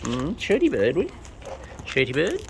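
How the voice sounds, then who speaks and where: A woman's voice: deep voice, huge pitch swings, a little slow. A woman talking to wild birds in a coaxing, sing-song baby-talk manner while feeding them outdoors. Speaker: bird feeder vlogger. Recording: outdoor noise with bird sounds.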